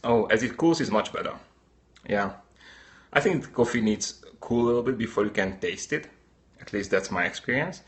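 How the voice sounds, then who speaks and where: A man's voice: on the low side, lively intonation, normal speed. A man from Slovakia with a Slovak-Hungarian accent, chatting casually and answering viewer comments during a live coffee-brewing stream. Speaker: livestream host.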